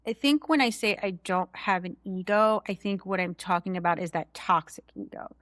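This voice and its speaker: A young adult woman guest, a finance executive, chatting candidly in a studio interview, telling stories with lively asides. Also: medium pitch, moderate pace, no echo. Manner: candid, animated storyteller. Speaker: guest, chief financial officer. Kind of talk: casual interview chat.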